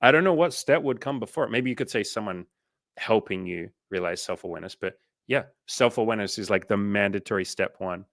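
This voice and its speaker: A man's voice: fairly low pitch, fairly quick, vocal fry, fairly bright tone, no room sound. A man hosting a casual livestream coaching chat, swearing casually and animatedly retelling conversations.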